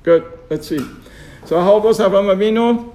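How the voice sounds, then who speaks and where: High-voiced man giving a Torah class. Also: brisk, warm tone. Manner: chuckling, asks rhetorical questions, acts out quoted excuses. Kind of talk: informal Torah lesson on radio.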